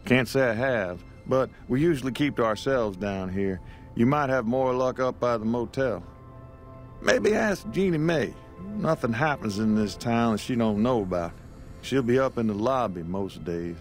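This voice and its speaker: An actor voicing a weary middle-aged rancher in a small desert town, speaking in a plain folksy rural way, as video game dialogue with faint music behind. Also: male voice, medium pitch, moderate pace, natural voice.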